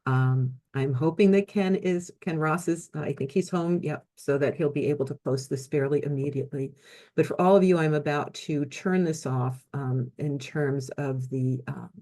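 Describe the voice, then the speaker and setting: A woman's voice: low voice, moderate pace, dark tone. A woman hosting a foundation webinar on a video call, thanking guests graciously and rambling through announcements with many ums. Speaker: host and moderator.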